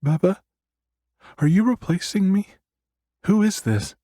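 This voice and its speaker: A man's voice: high voice, very animated, measured pace, dark tone, no echo, clean studio sound, pitched above the performer's own voice, exaggerated voice. A man voicing a haunting little girl who pleads with and accuses her brother, in an audiobook reading. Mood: plaintive. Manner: plaintive, accusing.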